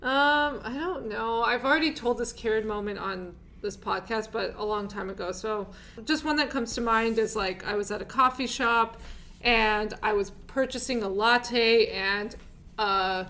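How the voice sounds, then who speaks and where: A woman hosting a casual podcast, telling an anecdote in a relaxed, wry way with casual swearing. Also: on the high side, moderate pace, poor audio. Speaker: podcast host. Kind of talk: casual chat.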